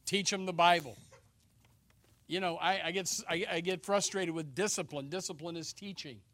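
A high-voiced male preacher with a bright, forceful tone, leaping between murmured asides and shouted calls. He slows right down to stretch out key phrases. The sound is dry and close. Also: fairly even intonation, no room sound. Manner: swings from low quiet asides to loud shouted exhortation. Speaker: pastor. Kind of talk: sermon.

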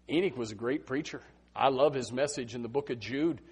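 A man preaching a Baptist sermon, swinging from loud emphatic bursts to hushed asides. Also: medium pitch, animated, brisk, slightly rough.

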